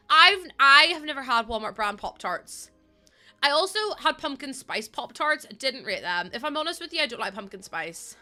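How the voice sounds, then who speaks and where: A woman's voice: high-pitched, sing-song, normal speed, bright, forceful tone, faint music behind. A tired young woman, chatting casually with her viewers during a live game stream, giggly and rambling. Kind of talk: casual live-stream chat while playing.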